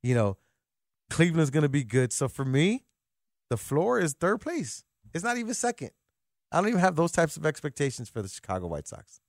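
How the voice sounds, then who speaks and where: A man's voice: a little high, big pitch swings, brisk, no echo. A man hosting a sports radio show in a studio, talking in a joking, slangy way. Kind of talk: casual sports talk radio. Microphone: studio microphone.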